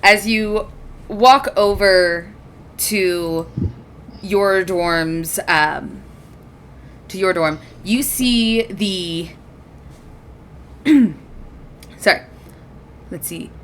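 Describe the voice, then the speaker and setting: A woman runs a tabletop game session, narrating the scene in a relaxed, chatty way. She laughs easily and fills her pauses with ums as she goes. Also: medium pitch, slight background noise. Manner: casual, giggly narration with fillers. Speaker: game master.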